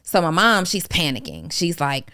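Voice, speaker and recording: A woman hosting a business podcast in a casual, chatty way, with a smooth and clear voice pitched on the low side. She tells stories in an animated way, laughs easily and is generous with encouragement. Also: normal speed. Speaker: podcast host and business coach.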